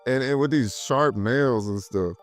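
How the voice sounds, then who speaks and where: A man co-hosting a casual film review, retelling scenes in a profane, animated way. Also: medium pitch, a little slow, soft background music. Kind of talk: casual chat.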